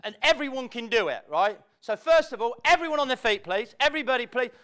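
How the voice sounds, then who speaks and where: A man's voice: very high voice, animated, fast talker, bright, forceful tone, clean tone. A man giving a motivational talk to a live audience in an event room, playful and acting out the people he quotes. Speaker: motivational speaker.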